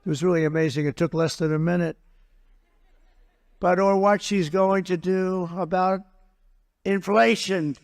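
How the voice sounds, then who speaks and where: A man's voice: high voice, steady tone, unhurried, gravelly, pauses often. A man speaking as a political candidate at a campaign rally, blunt and mocking, repeating his points and boasting in asides to the crowd.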